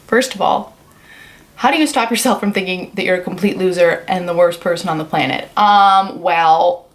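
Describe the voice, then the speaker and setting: An upbeat woman talking straight to her viewers in a relaxed vlog. She jokes and swears casually, and her voice sits at a medium pitch. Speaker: vlogger answering a viewer question.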